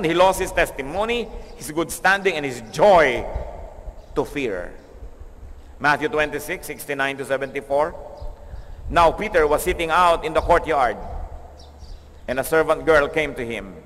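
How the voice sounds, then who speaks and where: Filipino pastor preaching in a long hall. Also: male voice, fairly high pitch. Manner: switches between Tagalog and English, reads scripture slowly and softly. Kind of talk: radio sermon.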